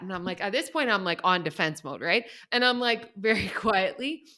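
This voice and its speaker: A woman's voice: mid-range voice, brisk, few pauses. A young adult woman co-hosting a podcast, telling a story in casual chat, quoting people and laughing often. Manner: animated storyteller, laughs often, quotes others. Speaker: podcast co-host.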